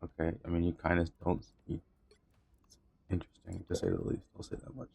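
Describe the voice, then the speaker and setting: Man, deep voice, husky, laid-back gamer chat, slangy, trails off. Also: very animated, fairly quick, a little mellow. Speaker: gamer on stream. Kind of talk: casual chat while gaming.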